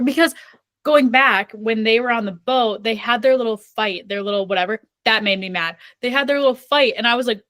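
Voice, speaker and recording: A woman's voice: fairly high pitch, fairly quick, a bit bright, no echo. A young woman co-hosting a book podcast, retelling her reactions emphatically in casual chat. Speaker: podcast co-host.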